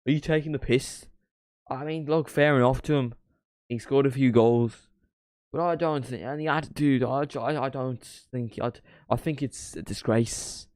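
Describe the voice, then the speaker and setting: A man doing an impression of a blunt, indignant middle-aged football manager, ranting in halting bursts. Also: mid-range voice, a little mellow, dry recording, voice pushed up, close to an everyday voice.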